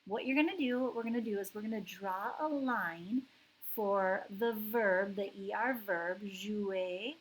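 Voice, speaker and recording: A woman giving an online language lesson at an unhurried pace. Her voice is soft and a bit breathy, and she explains each step patiently, repeating words for practice. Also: medium pitch, low-quality recording. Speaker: French teacher.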